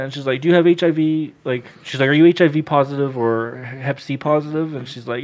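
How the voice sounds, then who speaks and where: Give me a man with a mid-range voice telling a profane, animated story on a podcast. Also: mid-range voice, quick pace, slight background noise. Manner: profane, animated storytelling with loud acted-out quotes. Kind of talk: casual podcast chat.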